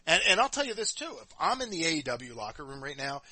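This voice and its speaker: A man's voice: on the high side, sing-song, fast, pushed and bright. A man co-hosting a podcast, talking in a blunt, casual way and swearing freely. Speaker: podcast co-host. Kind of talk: casual wrestling talk.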